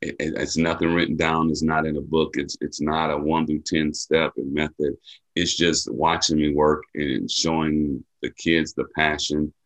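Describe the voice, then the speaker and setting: With an extremely low yet slightly bright voice, level in tone and at a normal speed, a Milwaukee man, an athletic director and mentor, answers interview questions. He is earnest and heartfelt, repeats phrases often, and is emotional to the point of near tears.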